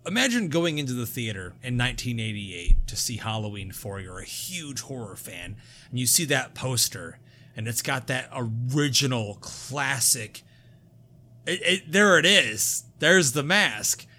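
Excitable, profane podcast host. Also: male voice, mid-range voice, measured pace. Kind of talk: casual podcast chat.

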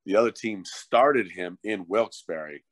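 A man's voice: fairly low pitch, measured pace, no echo. A middle-aged man, a former hockey fighter turned coach, telling stories in a casual, profane podcast chat. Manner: profane, animated storyteller.

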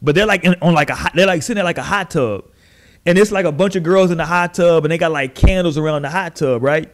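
A man hosting a podcast, telling stories in casual, profane, animated chat and mimicking the people he describes. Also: on the high side, fast talker. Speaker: podcast host.

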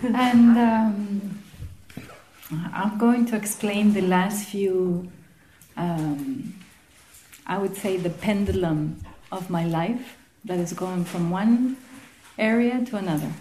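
A woman telling a group about her experiences, animated and searching for words, sometimes out of breath. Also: medium pitch, slow pace, slight background noise. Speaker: participant sharing experience. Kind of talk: spontaneous personal account.

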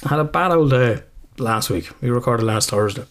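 A man's voice: medium pitch, animated, a little fast, fairly bright tone. An Irish man co-hosting a podcast, his voice sitting in an ordinary middle register. He rambles through stories, drops curses freely and chuckles at himself as he goes. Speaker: podcast co-host. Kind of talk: casual podcast chat.

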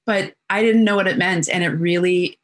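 A middle-aged woman, a guest on an interview, telling personal stories in an animated way and acting out the voices in them. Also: on the low side, moderate pace. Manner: animated storyteller who acts out quotes.

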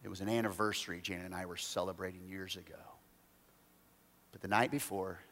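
A man preaching, telling a self-mocking story with animated, acted-out quotes. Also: low voice, a little fast. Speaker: pastor. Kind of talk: storytelling sermon. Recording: long reverb of a large hall.

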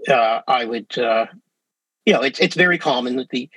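Husky English Canadian man, chatty. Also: mid-range voice, moderate pace, dry recording, rough recording. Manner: relaxed, chatty, frequent fillers and restarts. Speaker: professor and guest. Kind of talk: casual interview talk.

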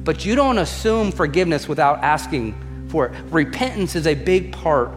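A man with a notably high voice preaching a sermon, pressing his points with repeated refrains and direct questions to the congregation. His voice rings in a reverberant hall. Faint music plays softly underneath. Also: animated, normal speed. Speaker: pastor. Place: church auditorium.

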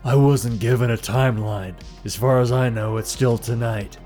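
Tina, a man doing a gruff mercenary. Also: mid-range voice, fairly even intonation, warm tone, soft background music, natural voice. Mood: intimidating. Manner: slow, gravelly tough-talk. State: congested from a cold. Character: tough female mercenary Tina, gruff and slow.

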